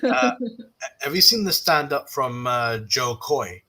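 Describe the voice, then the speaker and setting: A man in casual conversation, telling relaxed anecdotes with lots of fillers and restarts. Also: mid-range voice, slow pace, low-quality recording. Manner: relaxed storyteller, fillers and repeated starts. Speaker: podcast guest. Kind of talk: casual chat.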